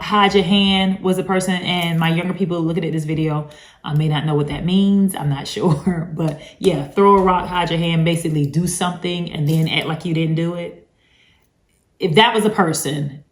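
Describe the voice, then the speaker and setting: A woman hosting a casual advice talk, speaking emphatically and chattily with many asides. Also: on the low side. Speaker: host talking about narcissistic abuse. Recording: roomy echo.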